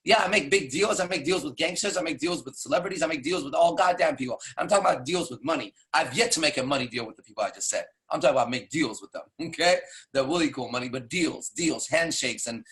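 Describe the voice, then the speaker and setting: A man's voice: medium pitch, fairly bright tone. A man talking in a casual monologue as a dating coach, blunt and profane, dropping "right?" and "okay?" after nearly every point. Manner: frequent tag questions like "right?" and "okay?".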